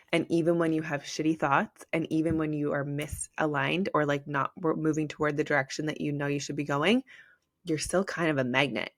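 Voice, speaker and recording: A woman's voice: deep voice, dry recording, studio quality. A woman hosting a solo podcast, talking in a rambling, conversational way, filling gaps with "like" and giving encouragement. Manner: rambling, conversational, heavy use of "like"; encouraging, motivational. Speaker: podcast host, business coach. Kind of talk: casual solo podcast monologue.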